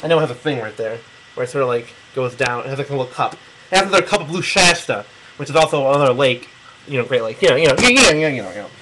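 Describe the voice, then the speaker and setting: A man's voice: medium pitch, lively intonation, racing, bright, forceful tone, slight background noise, low-quality recording. A young man from Michigan rambling casually and profanely while drawing a map for someone, laughing often. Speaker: video replier. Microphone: camera mic close to the face.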